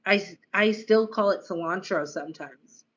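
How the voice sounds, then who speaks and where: An American woman, from the United States, chats casually on a live stream, rambling and using lots of fillers, her accent slightly tinged by years in Australia. Her voice is medium-pitched and a bit bright, at a moderate pace, with a lo-fi sound.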